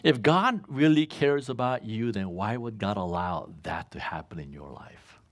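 A man preaching a sermon, reading scripture and asking the congregation to finish his lines, chuckling often. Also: a little slow. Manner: call-and-response questions to congregation, chuckles often; reads scripture aloud, rises in pitch when animated. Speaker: pastor.

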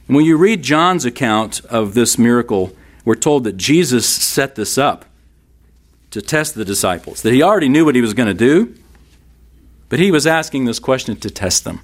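A man's voice: mid-range voice, sing-song, a little slow. A man teaching a Bible class in a sermon style, emphatic, repeating key lines and speaking straight to his listeners.

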